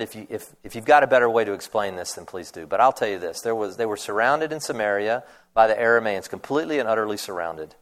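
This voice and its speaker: Man preaching a lively storytelling sermon. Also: on the low side. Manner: animated storytelling, acting out voices in retold scenes; conversational, with restarts and asides.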